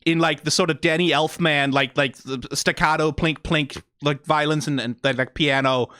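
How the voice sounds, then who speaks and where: A channel host giving excitable, profane, rambling reaction commentary on an animated episode. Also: mid-range voice, normal speed, clean tone, no room sound, studio quality. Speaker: video reactor.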